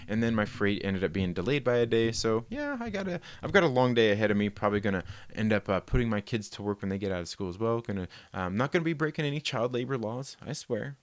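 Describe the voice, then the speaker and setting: A man's voice: fairly low pitch, clean tone, dry recording. A man, hosting a casual live stream, rambling and reading viewer comments with lots of laughs. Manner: rambling, laid-back, laughs often.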